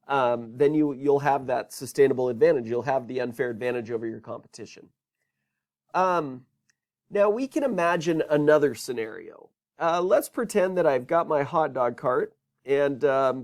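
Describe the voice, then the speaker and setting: In a recorded business course lecture, a man teaches conversationally in a mid-range, slightly mellow voice, asking rhetorical questions.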